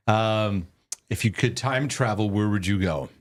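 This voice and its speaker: A middle-aged man with a fairly low voice chats casually as host. He talks in halting bursts, restarting phrases and doubling up words as he goes. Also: lively intonation. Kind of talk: casual family chat.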